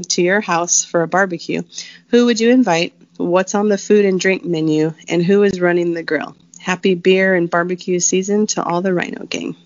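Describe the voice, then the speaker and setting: Easygoing low-voiced woman co-host, dry sound. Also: no echo, dull audio. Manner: easygoing, hesitant, giggly. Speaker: podcast co-host. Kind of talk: casual chat, reading listener questions.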